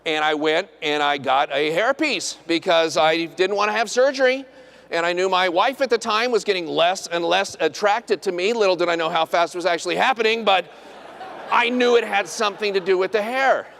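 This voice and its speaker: A man's voice: normal speed, creaky. A middle-aged man, a dentist, telling a funny self-deprecating story on stage and acting out the quotes. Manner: self-deprecating, animated, acts out quotes in high voice. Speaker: dentist and speaker. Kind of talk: humorous storytelling talk.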